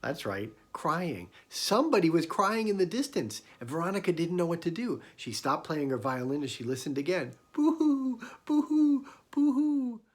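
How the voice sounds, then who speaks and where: Expressive man telling a children's story. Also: a little high, moderate pace, few pauses, husky. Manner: animated and expressive, asking children questions. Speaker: storyteller and illustrator. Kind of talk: interactive storytelling for young children.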